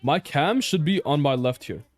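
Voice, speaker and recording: A man's voice: on the high side, expressive, normal speed, no room sound, soft background music. A man reviewing his own match footage in casual commentary, blunt and exasperated, swearing and laughing in disbelief at mistakes.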